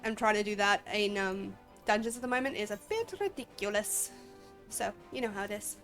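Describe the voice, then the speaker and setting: This is casual gameplay talk from an Australian woman whose medium-pitched voice moves fairly quickly and carries a slight brightness. A bit drowsy and sniffling, she rambles and laughs frequently over faint game music.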